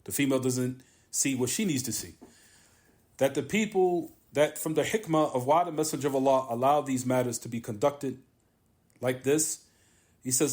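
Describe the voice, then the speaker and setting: A man's voice: medium pitch, darkish tone. A man teaching a religious lesson in a mosque, speaking emphatically, repeating points, and scattering Arabic terms through his talk. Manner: repetitive, emphatic, drawn-out pauses. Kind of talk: religious lesson on a classical text.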